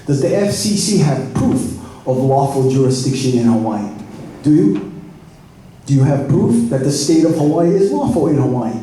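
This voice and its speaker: A man's voice: on the high side, big pitch swings, moderate pace, mellow, a little hiss or hum. A man giving exasperated, argumentative public testimony at a planning meeting. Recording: echoey meeting room from far off.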